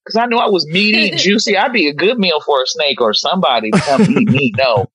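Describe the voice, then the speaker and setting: A woman guest on a podcast, telling stories in a casual, animated way, swearing often and leaning on "you know.". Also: low-pitched, fast talker, hardly any pauses, rough recording. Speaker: podcast guest, former reality show contestant. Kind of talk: casual storytelling chat.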